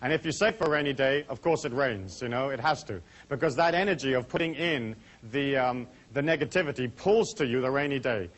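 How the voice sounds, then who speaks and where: A middle-aged man leading a seminar in front of a small audience, chatty and brisk, full of asides. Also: mid-range voice. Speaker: seminar speaker. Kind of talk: talk to a live audience.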